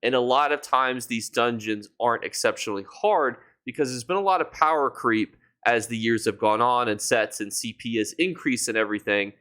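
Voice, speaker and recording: A man's voice: medium pitch, normal speed, few pauses, a bit bright. A man giving a game guide as a YouTuber, chatty and enthusiastic, speaking straight to his viewers. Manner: chatty and enthusiastic, addresses viewers as "you guys". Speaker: gaming YouTuber.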